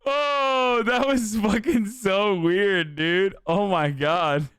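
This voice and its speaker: High, crisp-voiced man riffing sarcastically. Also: very slow, fairly bright tone, dry recording. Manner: sarcastic, profane, riffing mock impressions. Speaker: streamer reacting to a video. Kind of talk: casual reaction commentary.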